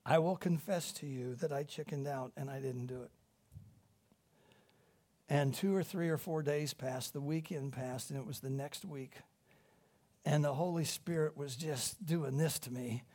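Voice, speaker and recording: High-voiced man preaching animatedly. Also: a little slow. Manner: animated storytelling, swings between loud emphasis and hushed tones. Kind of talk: sermon.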